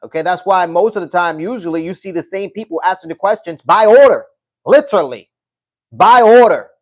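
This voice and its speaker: A man hosting a casual livestream, reading chat comments and talking straight to his viewers, animated and swearing now and then. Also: high voice, a little fast. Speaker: livestream host.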